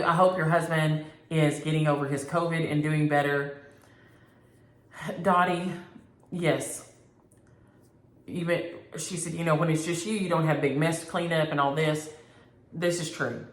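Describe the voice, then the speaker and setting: A middle-aged woman, talking in a slightly low voice as she chats with viewers. She tells animated, playfully exaggerated stories. The sound is roomy, as if recorded in a live room at home. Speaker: cross-stitch vlogger. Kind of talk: casual chat reading viewer comments.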